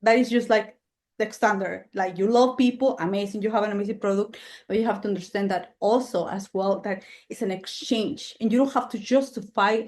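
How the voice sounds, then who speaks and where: A woman's voice: medium pitch, fairly quick, darkish tone. A woman podcast host talking heatedly and emphatically in casual chat, swearing freely.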